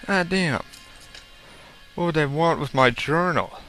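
Slow-talking man, bright voice, jumpy commentary. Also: a little high, soft background music. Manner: jumpy, swears, talks to himself, hums and yelps. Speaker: gameplay commentator. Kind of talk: casual let's-play commentary.

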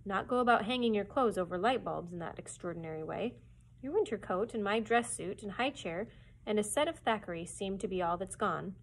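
A weary storybook father, dry and exasperated, flat and matter-of-fact, voiced by a woman reading aloud. His tone is slightly husky. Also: mid-range voice, a little fast.

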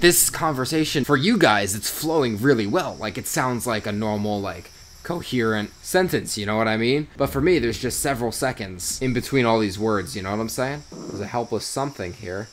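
A man's voice: fairly low pitch, fairly bright tone, a little hiss or hum. Rambling, profane gamer guy from South Jersey. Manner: rambling, profane, lots of "you know". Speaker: gaming YouTuber. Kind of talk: casual gameplay commentary.

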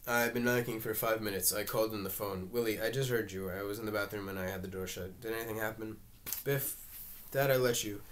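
A man with a fairly low voice reads a play aloud, taking every part himself. He reads the stage directions along with the lines and now and then stumbles and starts over. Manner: halting, with restarts and stage directions read aloud. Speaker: reader. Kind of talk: amateur reading of a play, all parts.

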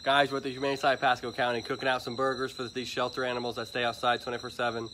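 A man's voice: medium pitch, little pitch movement, racing. Chatty man livestreaming outdoors. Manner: chatty, talks to viewers and sweet-talks a dog. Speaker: animal rescue livestreamer. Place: outdoors at an animal shelter, by a grill. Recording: noisy outdoor phone livestream. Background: crickets and insects.

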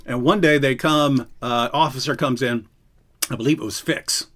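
A man's voice: mid-range voice, fairly even intonation, moderate pace, fairly bright tone. A man hosting a casual live chat, telling stories with many restarts and frequent laughter. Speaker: host. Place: indoors, live stream.

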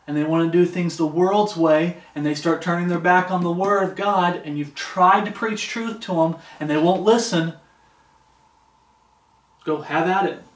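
A man preaching an informal sermon, earnest and conversational, repeating phrases for emphasis and reading scripture aloud. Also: sits high. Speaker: pastor. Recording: echoey room, distant mic.

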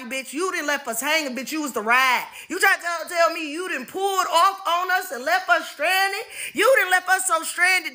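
A woman's voice: high voice, bright, forceful tone. A woman delivering a sassy, profane comedic rant.

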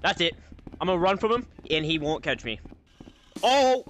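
A man hosting a gaming channel, giving casual gameplay commentary over a headset and yelling when startled. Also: fairly high pitch, animated, quick pace, slight background noise. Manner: jumpy, yelling at sudden scares.

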